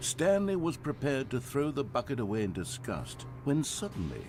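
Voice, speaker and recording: A wry game narrator. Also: male voice, medium pitch, wildly swooping pitch, moderate pace, noisy background. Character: wry omniscient male narrator. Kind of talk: scripted storybook narration.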